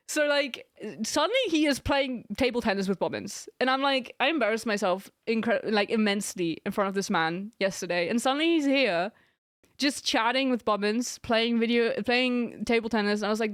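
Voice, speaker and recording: A woman's voice: on the high side, moderate pace, no room sound. Giggly young woman streamer, dry sound. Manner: giggly, rambling storytelling. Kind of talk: casual chat with stream viewers.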